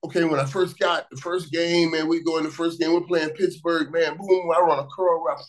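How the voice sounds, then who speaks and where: A man from Miami tells stories as a guest with lively energy. He doubles back on his words and keeps things loose and conversational. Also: a little high, normal speed, rough recording. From Miami, USA. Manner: lively, repeats words, bursts of laughter. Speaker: guest, former pro football receiver. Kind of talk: animated storytelling in casual conversation.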